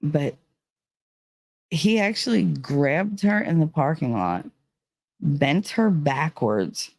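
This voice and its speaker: A woman's voice: low-pitched, lively intonation, slow pace, darkish tone, no echo. Rambling woman telling a story. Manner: rambling, fillers like "like" and "you know". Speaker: vlogger. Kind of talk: casual storytelling.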